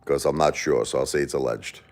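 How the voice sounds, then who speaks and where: Deep-voiced man rambling on a livestream. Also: steady tone, brisk. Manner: rambling, profane, joking with chat. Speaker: livestream host. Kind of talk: casual livestream chat reading comments.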